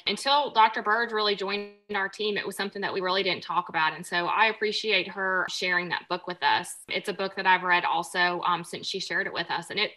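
A woman's voice: medium pitch, pushed and bright, rough recording. A woman who is a healthcare provider and parent answers interview questions in an earnest, thoughtful way.

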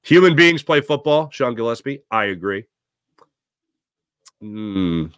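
A man hosting a sports talk stream, casually reading out viewer comments with sarcastic, animated asides. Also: medium pitch, slow pace, clean tone, dry recording, studio quality. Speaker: sports talk show host.

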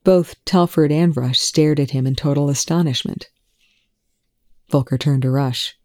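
A reader narrating a fan fiction story aloud in an even, measured manner. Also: medium pitch, no room sound, studio quality. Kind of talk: audiobook-style fan fiction reading.

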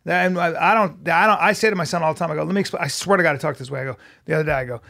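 A middle-aged man co-hosting a podcast in casual chat, telling animated stories and swearing freely. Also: a little high, fast, gravelly, few pauses. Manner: animated storyteller, swears freely, acts out quotes. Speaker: podcast co-host.

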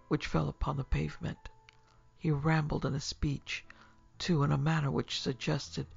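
A man narrating a classic story as an audiobook in a measured, formal manner. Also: on the high side, creaky, slightly rough. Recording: dull lo-fi recording, faint music.

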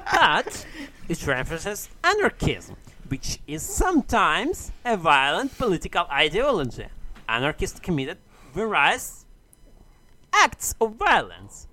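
A man's voice: sits high, wildly swooping pitch, a little slow, a crowd in the background. Man delivering a mock-grandiose recorded rant. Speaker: listener sending an audio message. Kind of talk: read-out monologue.

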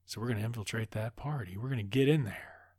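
A man loosely retelling a film plot in a casual, profane ramble. His voice sits at an ordinary middle pitch. The sound is dry and close, with no room around it. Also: fast talker, a little mellow, breathy edge, no room sound. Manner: loose, rambling, swears freely. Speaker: movie recap host. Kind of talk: casual profane movie recap.

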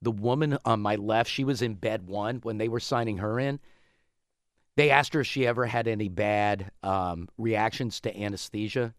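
A man in a casual chat, telling a long story in a rambling, animated way. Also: medium pitch, moderate pace, no echo, clean studio sound.

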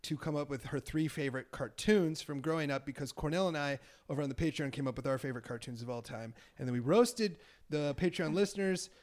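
Young guy hosting a podcast, kinda high voice, jokey and teasing, laughs a ton. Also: fast talker, few pauses, darkish tone. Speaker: podcast host. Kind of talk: casual chat.

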